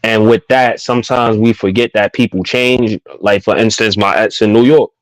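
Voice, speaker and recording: A man's voice: on the low side, fairly even intonation, moderate pace, dry recording, poor audio. A man talking in casual chat, laid back and reflective, with many fillers.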